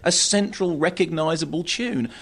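An animated man talks as a radio film critic, his voice sitting a bit high. He speaks with emphasis and repeats words as he gets going. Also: moderate pace. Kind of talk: radio film review discussion.

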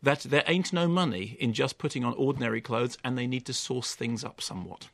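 A man's voice: mid-range voice, fairly quick, vocal fry, fairly bright tone, no room sound. A man reviewing a film on radio in an arch, wry, theatrical way, speaking into a studio microphone. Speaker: film critic.

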